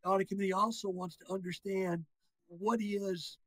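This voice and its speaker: Man w/ husky kinda high voice, slow careful explaining, dry close mic. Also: steady tone, fairly bright tone, no room sound, rough recording. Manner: deliberate, explanatory, frequent restarts. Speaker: interview guest, securities regulator. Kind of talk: measured policy discussion.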